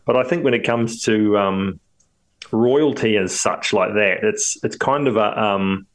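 A man's voice: fairly low pitch, unhurried. A man co-hosting a podcast in loose, casual chat, laughing often and swearing freely. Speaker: podcast co-host.

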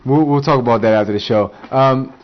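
A man's voice: medium pitch, a little fast, muffled recording. A man hosting a casual sports podcast, insisting on his opinions and stumbling over his words as he argues. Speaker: podcast host.

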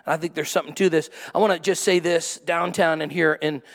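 A man preaching to his congregation, his voice sitting a bit high. He tells stories with bursts of excitement. The sound rings out with a long reverb from the church hall. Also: brisk, vocal fry. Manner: animated storytelling with sudden excited peaks. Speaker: pastor. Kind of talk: sermon. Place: church auditorium.

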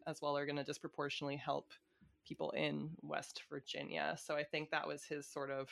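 Woman, low voice, gravelly fry, casual political chat, swears, laughs. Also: completely flat delivery, a little fast, a bit bright.

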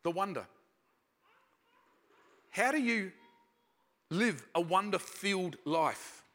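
A man preaching a sermon, telling personal stories in a reflective manner and slowing down for emphasis. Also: high-pitched, animated, fairly bright tone. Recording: long reverb of a large hall.

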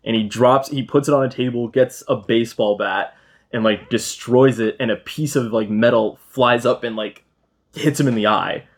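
A man's voice: mid-range voice, fairly even intonation, normal speed. A young man hosting a podcast, retelling a film plot in casual chat, swearing and laughing often. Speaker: podcast host.

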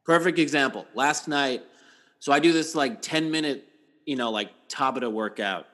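A man's voice: medium pitch, normal speed, fairly bright tone. A middle-aged man in casual chat, telling stories animatedly, swearing and acting out his own outbursts.

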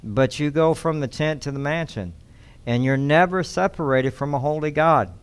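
A man's voice: on the high side, moderate pace, clear, resonant tone. A man preaching a sermon as pastor, teaching in a conversational way and repeating key phrases for emphasis. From United States.

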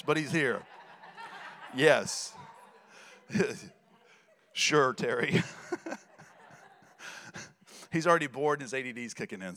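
A man preaching in a conversational, joking storytelling style, building to loud emphatic passages. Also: mid-range voice. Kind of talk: sermon storytelling. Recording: reverberant hall.

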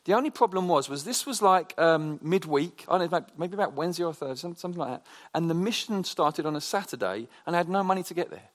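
A man delivers a relaxed sermon, his voice sitting a touch higher than most men's. He tells stories in a chatty, animated way, often restarting his sentences as he goes. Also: fast, few pauses. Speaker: preacher. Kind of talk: conversational sermon with personal stories.

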